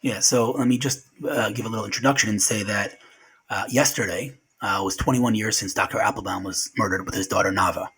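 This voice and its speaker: A middle-aged man recalling loss in an interview, halting and repeating words as he talks. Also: lowish voice, steady tone, a bit bright, husky, poor audio. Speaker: guest. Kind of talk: emotional remembrance interview.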